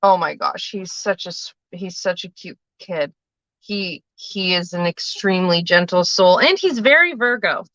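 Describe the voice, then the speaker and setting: A woman's voice: lowish voice, animated, measured pace, fairly bright tone, no room sound, lo-fi sound. A woman hosting a casual live stream, rambling through chatty stories and swearing now and then. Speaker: livestream host and tarot reader.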